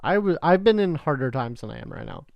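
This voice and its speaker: Smooth-voiced young man telling stories. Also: on the high side, fast, no echo, muffled recording. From Canada. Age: young adult. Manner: animated storyteller, swears freely. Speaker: podcast host. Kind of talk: casual podcast chat.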